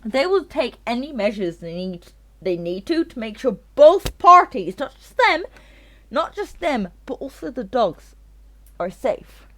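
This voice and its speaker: A woman's voice: a little high, sing-song, measured pace, a bit bright. A tipsy woman streamer chatting casually and ranting at length, swearing freely and repeating herself. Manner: rambling and profane, repeats herself. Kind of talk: casual chat on a live game stream.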